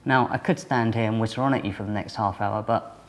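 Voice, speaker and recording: A man's voice: on the low side, steady tone, a little fast. A man, a science teacher presenting a documentary to camera in a chatty, informal and self-deprecating way. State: a bit out of breath. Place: outdoors on a mountain top.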